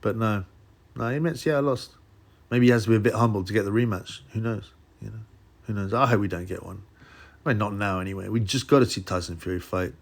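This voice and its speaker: A man hosting his boxing channel, musing out loud in a rambling, casual way with many restarts. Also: lowish voice, fairly even intonation, fast, gravelly. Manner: rambling, restarts, mock voices for quotes. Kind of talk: casual solo commentary.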